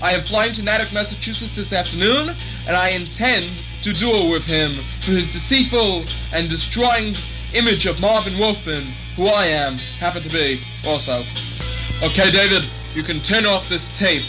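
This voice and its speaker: High-voiced man in mock outrage. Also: normal speed, over music, rough recording. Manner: mock-indignant, theatrical. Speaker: contributing fan. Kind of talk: comic mock protest.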